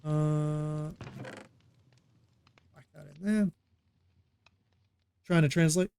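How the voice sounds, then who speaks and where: A man from Australia streams a survival game and keeps up a loose, chatty running talk with his viewers. His voice sits a little high, and he breaks into laughs between in-game moves. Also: steady tone, extremely slow, warm tone, a little hiss or hum. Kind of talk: casual live gameplay chat.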